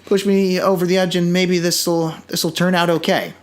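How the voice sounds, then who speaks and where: A man's voice: sits high, flat delivery, moderate pace. A man co-hosting a podcast, talking casually and enthusiastically with frequent restarts and asides. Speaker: podcast co-host. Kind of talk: casual chat.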